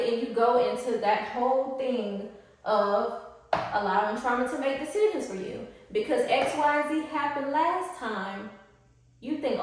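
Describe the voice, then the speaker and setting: Slangy, animated woman coach with a fairly high voice, heavy room echo. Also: moderate pace, distant mic. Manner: animated, slangy, acts out high-pitched quotes. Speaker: spiritual life coach. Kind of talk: casual teaching to camera. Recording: very echoey room.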